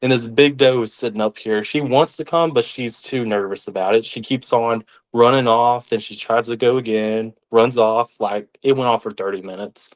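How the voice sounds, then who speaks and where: A young man, telling stories as a podcast guest in an animated way, sometimes acting out the voices of others. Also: medium pitch, normal speed, hardly any pauses. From Arkansas, United States. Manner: animated, acts out quoted voices. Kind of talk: casual storytelling.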